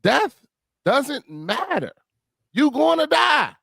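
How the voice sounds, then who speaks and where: A man talking about faith in a casual discussion, animated and full of conviction, often restarting his phrases. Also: very high voice, takes it slowly, gravelly, dry recording.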